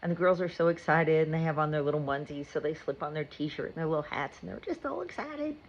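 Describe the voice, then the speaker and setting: Chatty low-voiced mom vlogger. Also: female voice, flat delivery, fast talker, muffled recording, slight background noise. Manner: chatty, rambling storytelling. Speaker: mother and vlogger. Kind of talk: casual chat.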